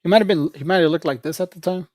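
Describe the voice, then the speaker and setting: A man's voice: a little high, racing, darkish tone, dry recording, clean studio sound. A man livestreaming in a casual, rambling chat, joking with viewers, laughing often and calling people "bro".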